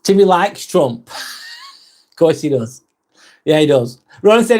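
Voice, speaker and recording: A man's voice: on the high side, sing-song, unhurried, long pauses, a little mellow. A man hosting a casual live stream on his phone, reading out viewer comments with dry jokes and casual swearing.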